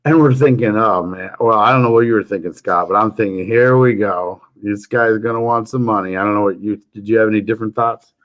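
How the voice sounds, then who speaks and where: A man's voice: on the low side, steady tone, fairly quick, few pauses, lo-fi sound. A man hosting a casual livestream chat, telling jokey stories and chuckling often. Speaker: livestream host.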